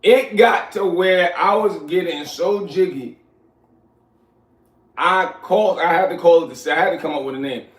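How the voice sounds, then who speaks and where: A man, telling stories from his youth in casual, animated talk, often asking "you know what I'm saying". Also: high voice, moderate pace. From New York. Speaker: host. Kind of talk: casual storytelling. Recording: echoey room, far from mic.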